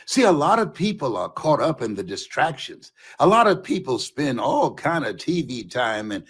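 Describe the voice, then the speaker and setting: A man giving a motivational talk and telling funny stories, with animated delivery and shouted punchlines. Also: mid-range voice, moderate pace, slightly rough. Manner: animated storytelling, shouting for emphasis. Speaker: motivational speaker.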